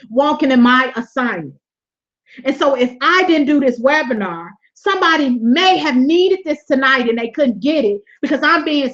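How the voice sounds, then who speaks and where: Woman webinar host, high voice, laughs often, preachy repetition, dull lo-fi audio. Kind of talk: motivational faith talk.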